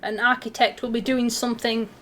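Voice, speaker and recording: Woman, casual stream chat, rambling, giggly, sweary, slightly high voice. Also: flat delivery, a little fast, fairly bright tone.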